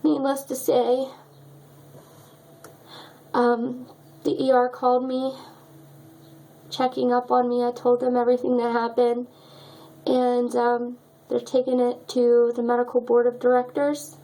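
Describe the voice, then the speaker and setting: Young woman vlogger, gravelly fry, higher voice, emotional and choked up. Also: monotone, a little slow, pauses often, mellow, poor audio. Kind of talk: personal story vlog.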